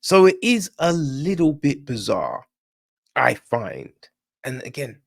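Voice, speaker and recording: A man chatting loosely as a podcast film reviewer, blunt and ready to swear. He talks at an unhurried, drawn-out pace and keeps checking in with his listeners. He sounds a bit under the weather. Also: medium pitch, big pitch swings, creaky. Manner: conversational, keeps asking "right?" and "you know what I mean?". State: feeling unwell. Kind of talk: casual chat.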